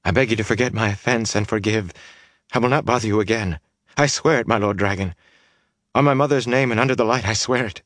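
A man voicing a proud noblewoman, now humbled and frightened, in a breathy, pleading voice in an audiobook. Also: low voice, moderate pace, no echo, clean studio sound, natural voice.

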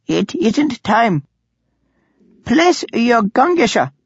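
Man doing a high timid servant woman, flustered, pleading, husky, dull dry audiobook sound. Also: very animated, drawn-out words, dry recording, exaggerated voice. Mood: calm. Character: frightened apologetic servant woman, middle-aged.

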